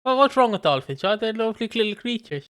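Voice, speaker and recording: Guy rambling on a podcast, bright clear voice, lots of ums. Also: high voice, big pitch swings, quick pace, no echo. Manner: rambling, trails off with fillers, laughs easily. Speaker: podcast co-host. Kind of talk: casual chat.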